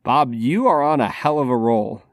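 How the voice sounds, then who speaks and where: A man co-hosting a podcast, telling stories in a relaxed casual way. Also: medium pitch, moderate pace, no echo, studio quality. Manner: relaxed storyteller, many "like" fillers. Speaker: podcast co-host.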